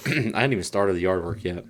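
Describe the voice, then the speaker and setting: A man in his thirties, a podcast co-host telling profane, animated family stories in casual chat. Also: low voice, moderate pace. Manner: profane, animated storyteller acting out voices.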